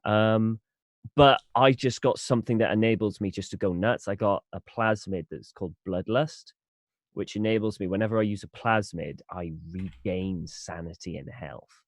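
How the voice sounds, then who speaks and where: A man's voice: on the low side, moderate pace, dry recording, clean studio sound. A tired man, a tabletop game player chatting casually and rambling a little. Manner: self-deprecating, rambling with restarts.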